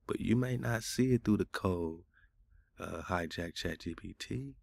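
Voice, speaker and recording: A man's voice: low voice, a little slow, gravelly, dry recording. A man hosting a casual radio talk show, arguing back in loose, colloquial speech. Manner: argumentative, colloquial, talks back at a chatbot.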